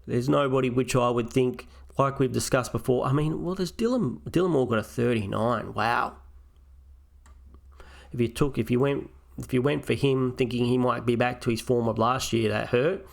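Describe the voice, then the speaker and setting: Gravelly-voiced man thinking aloud. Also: medium pitch, normal speed. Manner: thinks aloud, weighing options step by step. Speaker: fantasy football channel host. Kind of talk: casual solo team review.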